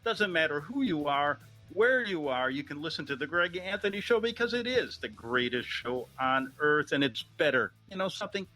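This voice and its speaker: Animated, bright-voiced radio host rambling jokes. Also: male voice, fairly high pitch, moderate pace, few pauses, faint music behind. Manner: rambling, jokey, animated delivery. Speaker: radio talk show host. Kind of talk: comedic talk radio monologue.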